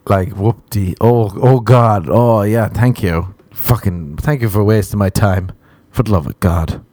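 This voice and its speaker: A young Irish man doing a comic monologue on a podcast, swearing freely and mocking himself in an animated rant. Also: fairly low pitch, a little slow, no echo.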